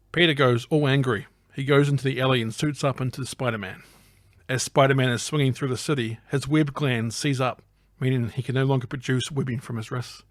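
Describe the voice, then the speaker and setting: A man hosting a podcast, narrating a film recap in a playful, deadpan joking way. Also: mid-range voice, no room sound, studio quality. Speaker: podcast host.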